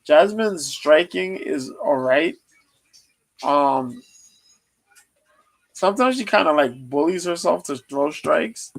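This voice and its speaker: A man hosting a casual livestream, previewing fights in a loose, rambling way with lots of pauses and ums. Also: fairly high pitch, lively intonation, gravelly, rough recording. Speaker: podcast host previewing fights.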